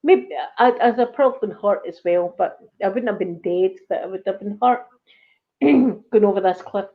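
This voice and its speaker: Scottish woman telling a lively story. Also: mid-range voice, moderate pace. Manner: animated storyteller, acts out quoted voices. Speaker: channel host. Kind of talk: casual storytelling chat. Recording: slightly dull lo-fi recording.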